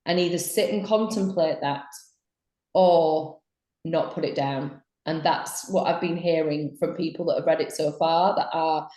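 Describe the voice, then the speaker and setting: Irish woman, podcast guest; frank, cheeky delivery, lowish voice, echoey room. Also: fairly even intonation, unhurried, dark tone. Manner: frank and cheeky, swears freely. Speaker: guest author. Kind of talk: casual podcast chat.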